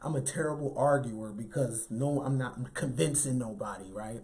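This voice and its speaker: A man giving an animated, emphatic motivational talk in a light, youthful voice, often tagging lines with "right?". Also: mid-range voice, normal speed. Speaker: motivational speaker.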